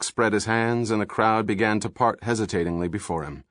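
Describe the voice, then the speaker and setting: A man reading a thriller audiobook in steady, measured narration, recorded on a studio microphone. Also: lowish voice, dry recording.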